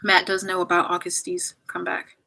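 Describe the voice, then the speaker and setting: A woman's voice: fairly low pitch, completely flat delivery, fairly quick, gravelly, bright, forceful tone, poor audio. A young woman chatting on a farewell livestream, emotional and trying not to cry, apologizing and rambling with many fillers. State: holding back tears. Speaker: YouTuber saying goodbye on a livestream. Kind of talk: casual livestream chat reading comments.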